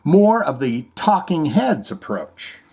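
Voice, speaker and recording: A male host chatting loosely through music headlines, his pitch bouncing all over as he jokes and swears. He rambles, trails off, and mocks the quotes he reads. The tone is loose and offhand, like talking to regulars. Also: big pitch swings, slow, a little mellow, slightly rough. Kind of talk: casual commentary on music news.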